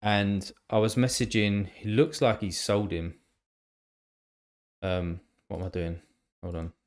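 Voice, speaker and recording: Rambling lower-voiced man streaming. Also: steady tone, slow pace. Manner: rambling, thinks aloud, swears, many fillers. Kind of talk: casual live-stream chat.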